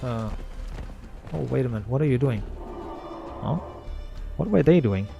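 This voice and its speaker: A man's voice: mid-range voice, lively intonation, a little slow, vocal fry, highs cut off, soft background music. A young man streaming a game, telling a story in a casual, profane rant full of restarts. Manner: ranting, profane, frequent restarts. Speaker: gaming streamer. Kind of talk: casual storytelling while gaming.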